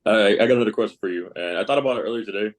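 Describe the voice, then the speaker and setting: A man's voice: on the low side, rapid-fire, poor audio. A man hosting a podcast in a loose, casual way, swearing freely and ribbing his guest. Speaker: podcast host.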